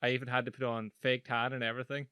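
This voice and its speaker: A man's voice: mid-range voice, little pitch movement, racing, pushed and bright, clear, resonant tone, dry recording, clean studio sound. A Northern Irish man as a podcast guest, playful and self-mocking as he tells an anecdote. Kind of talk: casual chat.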